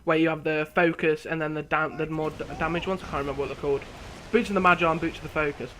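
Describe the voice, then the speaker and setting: A young man, casually commentating over his own gameplay, chatty and quick to laugh at himself. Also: a little high, little pitch movement, pushed and bright, slight background noise.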